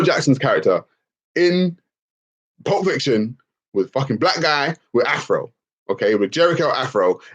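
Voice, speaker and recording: A man's voice: fairly high pitch, lo-fi sound. A man hosting a livestream Q&A, ranting emphatically and swearing freely as he answers the chat. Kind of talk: livestream Q&A rant.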